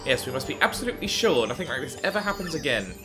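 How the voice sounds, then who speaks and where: A man doing a loud, gloating villain boss. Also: medium pitch, sing-song, rapid-fire, over music, close to an everyday voice. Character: pompous male villain leader, cruel and gloating.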